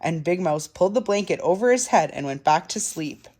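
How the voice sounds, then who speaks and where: Expressive woman reading a picture book. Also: lowish voice, brisk. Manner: expressive, soft and dramatic. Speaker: library storytime reader.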